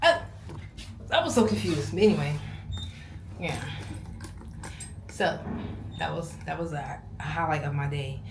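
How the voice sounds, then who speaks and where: A woman in her twenties telling a casual storytime vlog in a slangy, animated, exasperated way. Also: low voice, unhurried, vocal fry, long pauses. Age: 20s. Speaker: vlogger. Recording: loud outdoor street noise.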